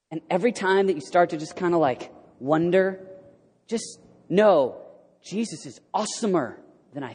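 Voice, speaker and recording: A man preaching a sermon in an animated way, rising to loud exclamations and dropping to a hushed near-whisper. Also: fairly high pitch. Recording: hall with long reverb.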